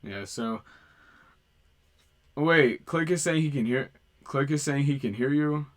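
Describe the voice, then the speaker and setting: A man hosting a livestream, talking casually and haltingly as he sorts out audio trouble. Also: medium pitch. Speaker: livestream host.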